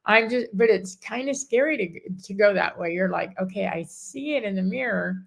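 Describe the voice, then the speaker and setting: This guest, a middle-aged woman, rambles through her personal story in a relaxed chat, frequently interrupting herself and performing others' words. Her medium-pitched voice is expressive and carries vocal fry, at a moderate pace.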